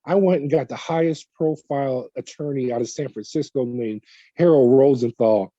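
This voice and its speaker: A man's voice: medium pitch, normal speed, dry recording, highs cut off. A man, a former corrections officer, telling his story in an interview, acting out what people said to him. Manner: animated retelling with quoted dialogue.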